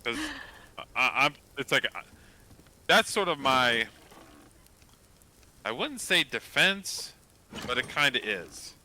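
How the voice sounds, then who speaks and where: A man's voice: mid-range voice, big pitch swings, slow, pauses often, pushed and bright. A man from the northern United States with a mild Michigan and Southern accent, chatting casually in an easygoing, rambling way. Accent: mild Michigan and Southern American. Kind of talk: casual chat.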